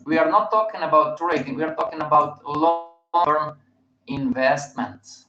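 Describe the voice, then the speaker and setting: A man's voice: on the high side, a little slow, music in the background. A man hosting a live webinar, speaking emphatically and often checking in with his listeners. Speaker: host, market educator. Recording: roomy, dull stream audio.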